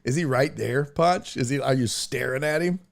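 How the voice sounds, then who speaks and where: A man's voice: mid-range voice, normal speed, vocal fry. A man hosting a sports podcast, casually teasing listeners and reading out fantasy league scores. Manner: playful teasing, reads fantasy league results. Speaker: podcast host.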